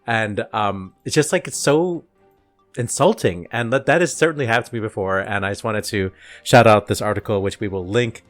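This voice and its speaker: A man co-hosts an opera podcast in a casual way. He talks hesitantly and keeps pausing to find his words. His voice sits fairly low. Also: soft background music. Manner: hesitant, lots of fillers. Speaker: podcast co-host.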